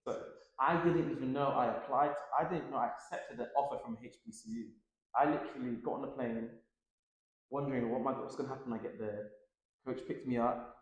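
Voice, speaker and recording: A man in his thirties, a tennis coach chatting easily as an interview guest, with lots of fillers and quick laughs. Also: mid-range voice, heavy reverb. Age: 30s. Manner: relaxed, filler-heavy, laughs often. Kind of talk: casual interview chat.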